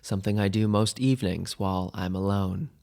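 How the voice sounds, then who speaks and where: Low-voiced man giving candid podcast advice. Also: fairly quick, gravelly, a little mellow. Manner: candid, rambling, self-mocking, with frequent restarts. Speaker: podcast host answering listener questions. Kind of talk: casual advice chat.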